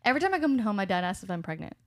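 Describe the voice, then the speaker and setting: A woman's voice: mid-range voice, big pitch swings, rapid-fire. Chatty young woman cohost, playful, jumps in a lot, normal middle voice. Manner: chatty, playful, chimes in often. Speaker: podcast co-host. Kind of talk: casual chat.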